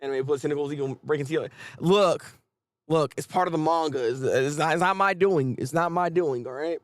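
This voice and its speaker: A man hosting a casual live manga reaction, chatty and animated, often restarting his sentences. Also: fairly high pitch, a little fast, dry recording.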